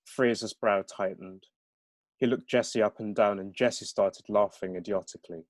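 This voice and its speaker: A man's voice: lowish voice, steady tone, moderate pace, no room sound. A male author talking at a book event and reading from his novel, with many hesitations.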